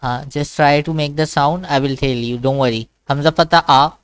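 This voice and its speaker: A man's voice: fairly high pitch, steady tone, moderate pace, clear, resonant tone, no room sound. A man teaching Quran reading in an online one-to-one class over a video call, patiently repeating sounds and checking understanding.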